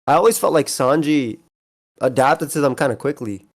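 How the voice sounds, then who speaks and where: A man on a podcast retells a scene in eager detail, restarting his sentences a lot. He's the host, speaking casually in a mid-range voice at a moderate pace.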